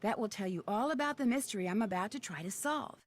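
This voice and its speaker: A woman's voice: mid-range voice, expressive, quick pace, lightly acted. A woman voicing a friendly, chatty young female detective in a 2000s point-and-click game, talking to the player in a confiding tone. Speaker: game character narrator. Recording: faint background noise from game audio.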